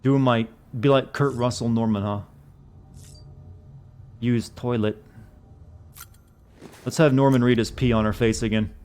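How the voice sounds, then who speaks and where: A man's voice: mid-range voice, fairly even intonation, a little fast, few pauses, darkish tone, clear, resonant tone. A man streaming a video game, making joking, irreverent, rambling commentary as he plays. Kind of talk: casual gameplay commentary.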